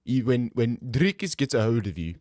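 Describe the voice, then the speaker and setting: A man's voice: medium pitch, big pitch swings, normal speed, darkish tone, no room sound, studio quality, natural voice. A man putting on a South African accent to voice a brash young South African man, with blunt, swaggering talk. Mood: boasting. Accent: put-on South African.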